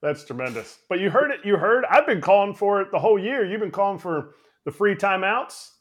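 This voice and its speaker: High-voiced man teasing his co-hosts. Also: lively intonation, a little fast. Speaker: co-host. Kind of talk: casual sports chat.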